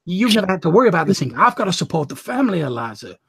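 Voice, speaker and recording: A man's voice: lively intonation, brisk, vocal fry, fairly bright tone, husky, no echo, studio quality, exaggerated voice. A man voicing a nervous young hired hand who stammers and pleads urgently. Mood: anxious, pleading. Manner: stammering, pleading, rising anxious pitch.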